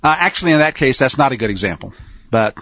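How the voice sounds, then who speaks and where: Lively husky-voiced man teaching scripture. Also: medium pitch, no echo, highs cut off. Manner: reads verses slowly with heavy emphasis, asides in between. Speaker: Bible teacher. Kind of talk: teaching sermon reading scripture aloud.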